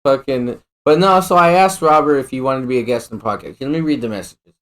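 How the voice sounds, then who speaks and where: A man's voice: medium pitch, fast talker, a bit bright. A man with a middle-range voice co-hosts a podcast. He talks in loose, profane, rambling stories. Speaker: podcast co-host. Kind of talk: casual chat.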